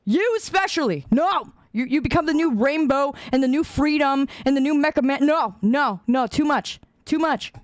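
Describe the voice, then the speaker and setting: A woman's voice: high voice, animated, moderate pace, few pauses, dry recording, studio quality. A young adult woman streaming a game, reacting with exasperated, dramatic pleading and outbursts. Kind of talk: reactive livestream gaming chat.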